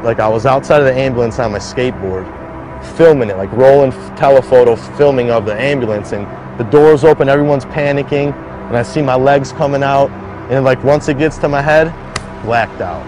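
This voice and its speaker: Relaxed young man telling his story. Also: mid-range voice, a little fast. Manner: conversational, heavy use of "like", acts out quoted voices. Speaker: interviewee recounting surviving a shooting. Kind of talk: casual first-person storytelling. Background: background music.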